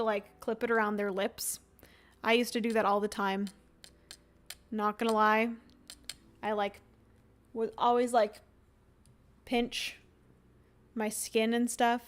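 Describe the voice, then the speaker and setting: A young woman streamer chatting casually and giggling as she rambles through a livestream. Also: on the high side.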